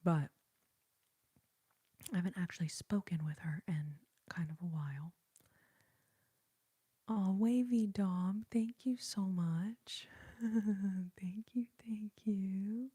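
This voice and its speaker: A young woman hosting a live stream, talking gently in a half-whisper and laughing easily as she thanks viewers. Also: mid-range voice, slow pace, long pauses, breathy edge, dry recording, clean studio sound. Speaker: ASMR and singing live-stream host. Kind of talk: soft-spoken live-stream chat reading viewer comments. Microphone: sensitive studio microphone.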